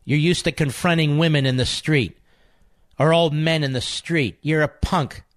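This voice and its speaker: A man's voice: a little high, steady tone, normal speed, dry recording. A man hosting a talk radio show, delivering a combative, sarcastic monologue full of mocking insults.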